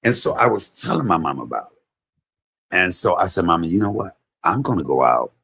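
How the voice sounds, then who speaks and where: Husky low-voiced man telling stories. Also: moderate pace. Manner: animated, loud imitations of his mother. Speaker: comedian and vlog host. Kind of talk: casual storytelling monologue.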